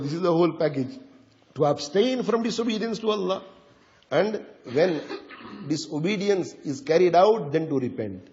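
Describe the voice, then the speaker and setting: A man preaching a sermon with storytelling, impassioned and rising to loud, urgent questions. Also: fairly high pitch. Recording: dull lo-fi recording with long hall reverb.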